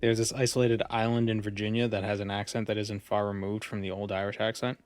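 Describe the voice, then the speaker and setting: A man's voice: lowish voice, flat delivery, fast talker, clear, resonant tone, dry recording, faint music behind. Chatty male streamer musing during gameplay. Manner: musing, chatty, trails off and restarts. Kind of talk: casual gameplay commentary.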